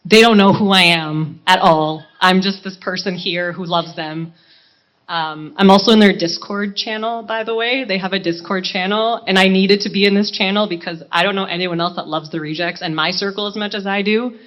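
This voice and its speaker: A woman's voice: mid-range voice, moderate pace, a bit bright. Bubbly woman chatting from a stage. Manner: bubbly and gushing, laughs at herself. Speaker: singer performing live. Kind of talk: chatty stage banter between songs. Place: live charity event stage. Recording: dull, muffled live recording.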